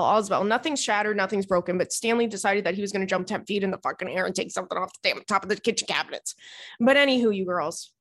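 A woman hosting a casual talk show, candid and blunt, swearing freely and acting out conversations as she tells a story. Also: mid-range voice. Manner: animated storytelling, acts out friend's lines. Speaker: podcast host giving dating advice. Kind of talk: casual chat to listeners.

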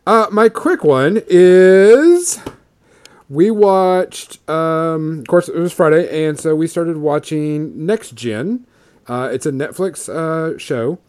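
A man's voice: a little high, expressive, slow, darkish tone, clear, resonant tone. A man in his thirties, a podcast co-host, telling a story in casual chat, rambling with lots of fillers.

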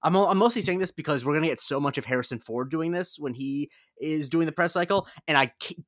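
A man's voice: a little high, quick pace, a bit bright, no echo, studio quality. A man co-hosting a podcast in casual chat, rambling and opinionated with frequent restarts. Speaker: podcast co-host.

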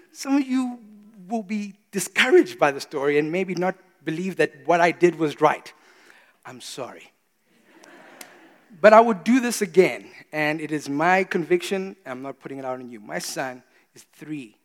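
A man in his thirties preaching a sermon, animated, swinging between quiet confiding asides and loud exclamations. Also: on the high side. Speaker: pastor. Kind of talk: sermon with storytelling. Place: church. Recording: reverberant church hall.

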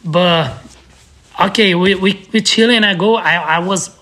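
A man's voice: sits high, a little slow, sharp tone. Laughing man telling stories. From Brazil. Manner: laughing, loose and profane, restarts a lot. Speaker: guest. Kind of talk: casual storytelling.

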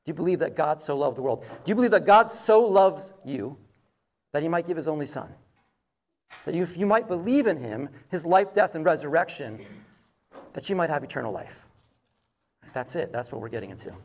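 A man preaching a conversational sermon as pastor, telling a personal story and closing in prayer. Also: a little high. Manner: conversational, storytelling with animated asides.

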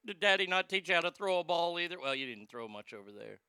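A man with a high, gravelly voice riffs in a casual commentary, sarcastic and mocking and quick to swear. His tone is bright and crisp, recorded close in a dry room. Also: sing-song, no room sound.

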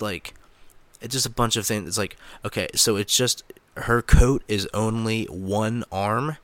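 A man's voice: mid-range voice, fairly bright tone, no room sound. A young man hosting a casual solo podcast, rambling with crude, sarcastic remarks and many filler words. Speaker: podcast host.

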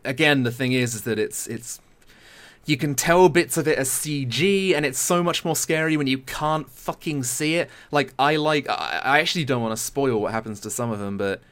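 A man's voice: medium pitch, moderate pace, a bit bright. Young man telling a horror story animatedly. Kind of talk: casual chat.

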